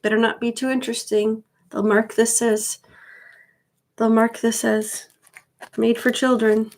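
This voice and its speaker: A woman's voice: on the high side, flat delivery, unhurried, pauses often, low-quality recording. A woman in her thirties chatting casually on a live stream, rambling with wry asides. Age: 30s. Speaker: vlogger.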